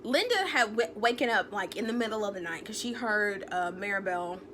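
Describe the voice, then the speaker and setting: A woman giving a casual recap of a TV episode, retelling the plot with animated storytelling and acting out what the characters say. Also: medium pitch, brisk, slight background noise. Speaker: TV recap vlogger.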